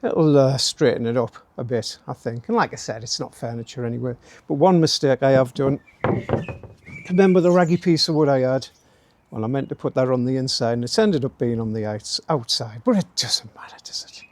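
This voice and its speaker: A middle-aged man running a DIY channel gives casual how-to narration from an outdoor garden workspace as light rain comes down. His voice is medium-pitched, a little fast and darkish, with no echo, and he keeps things chatty and jokey with tag questions such as "eh?" and "don't you?".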